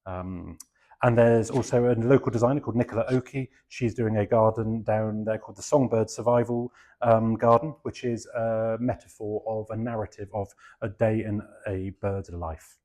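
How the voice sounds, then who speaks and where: Giving a chatty public talk, this middle-aged English garden designer speaks with a southeast English accent in a fairly low, warm voice. His intonation is fairly even and his speed normal, and he rambles with plenty of fillers and self-deprecating humor.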